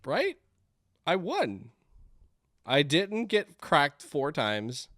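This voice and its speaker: A man playing indie games and thinking aloud, chatty and quick to get excited. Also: on the high side, noisy background. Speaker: gaming YouTuber. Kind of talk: let's play commentary.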